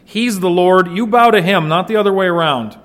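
A man preaching an expository sermon, swinging between loud emphasis and quiet, low asides. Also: fairly quick. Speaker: pastor.

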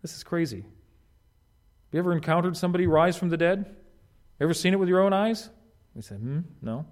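A pastor preaching a conversational sermon, animated and informal, often restarting his phrases. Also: sits high, fast talker.

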